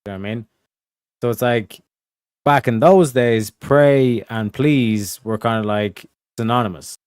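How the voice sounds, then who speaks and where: A man's voice: mid-range voice, a little slow, darkish tone, clean tone, dry recording, clean studio sound. A man hosting a casual stream chat, rambling with many fillers and restarts over a video call. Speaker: streamer host.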